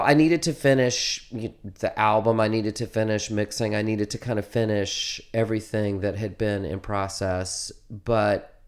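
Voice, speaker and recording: A man being interviewed, telling a long story in a rambling, animated way with many restarts. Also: fairly low pitch. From United States. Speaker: interviewed musician. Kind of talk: casual interview.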